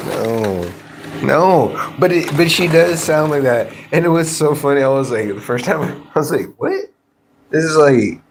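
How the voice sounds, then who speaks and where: A man with a medium-pitched voice hosts a livestream, with slight background noise in the audio. He chats casually with his viewers, rambling, stammering, and swearing freely.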